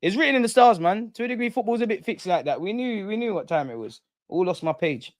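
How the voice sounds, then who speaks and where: Here a young man speaks fast in a high, animated voice, with no echo in the recording. As host of a live football watch-along, he reacts passionately, full of slang, banter and frequent cursing.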